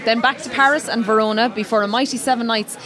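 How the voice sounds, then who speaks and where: Playful Irish woman, higher voice. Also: fairly even intonation, fast talker, a crowd in the background. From Ireland, Galway. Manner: friendly, playful teasing. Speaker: radio co-host. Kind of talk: casual radio chat.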